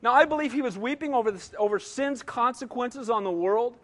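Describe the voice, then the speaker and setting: Pastor in his 60s, very high voice, emphatic sermon, long hall reverb. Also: brisk, fairly bright tone. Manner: emphatic preaching, repeatedly asking "Amen?".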